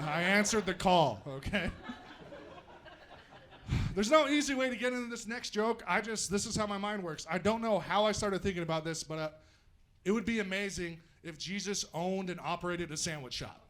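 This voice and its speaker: A man from Utah performing a stand-up comedy set on stage, animated and self-deprecating, chatting with the crowd. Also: sits high, moderate pace. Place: comedy stage before a live audience.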